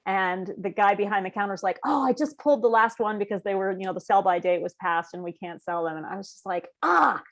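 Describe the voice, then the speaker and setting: A woman's voice: medium pitch, fast, hardly any pauses. A middle-aged woman on a panel over a video call, telling family stories with laughs and acted-out quotes. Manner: storytelling, animated quoted voices, laughs often. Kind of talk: casual panel chat.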